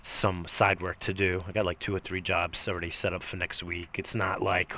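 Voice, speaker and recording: A man's voice: sits low, flat delivery, moderate pace, bright, forceful tone, slight background noise. A middle-aged man in a casual, rambling monologue, swearing freely and coughing between lines. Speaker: vlogger.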